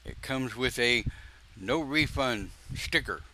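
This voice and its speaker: An older man, a pagan minister, giving a folksy, informal live-stream sermon with joking asides and long pauses; his voice sounds croaky. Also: medium pitch, lively intonation, sharp tone, slight background noise.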